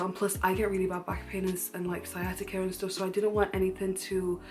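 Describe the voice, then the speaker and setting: A young woman, candidly retelling a personal story in a casual vlog, animated and full of fillers. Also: mid-range voice, quick pace, few pauses, over music. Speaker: vlogger.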